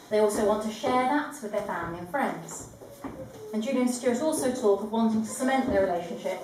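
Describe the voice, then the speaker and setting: A woman's voice: medium pitch, background noise. Woman celebrant in an echoey hall. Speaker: wedding celebrant. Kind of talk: formal ceremony address. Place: large echoing room at a ceremony. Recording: echoey room from far off.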